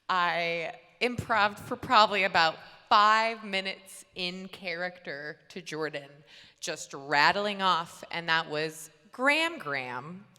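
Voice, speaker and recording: A woman's voice: mid-range voice, pushed and bright, in a large hall. Bubbly woman on a convention panel. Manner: bubbly, laughing, rambling anecdotes. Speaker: voice actor panelist.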